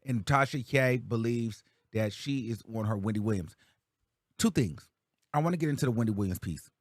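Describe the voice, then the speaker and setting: A man's voice: medium pitch, animated, normal speed, dry recording, studio quality. A man hosting a commentary show, talking casually in a chatty, slangy way.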